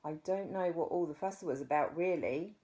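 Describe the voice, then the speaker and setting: A woman with a New Zealand accent reading a children's story aloud, expressive with dramatic pauses. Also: low voice.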